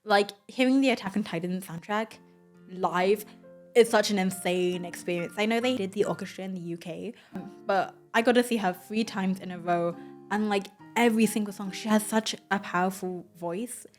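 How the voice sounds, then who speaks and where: A young woman narrates her vlog in an easygoing voice-over, her pitch sitting right in the middle. She talks in a chatty, excitable way, stringing thoughts together with plenty of "like". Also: fairly quick, soft background music. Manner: chatty and excitable, full of "like" and "oh my god". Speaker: vlogger. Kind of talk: casual voice-over storytelling.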